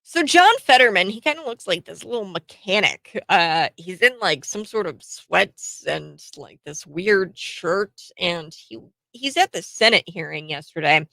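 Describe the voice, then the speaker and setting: A woman's voice: fairly low pitch, lively intonation, a little slow, vocal fry, sharp tone, no room sound. A woman, hosting casual political commentary in a blunt, sarcastic way, laughing between points.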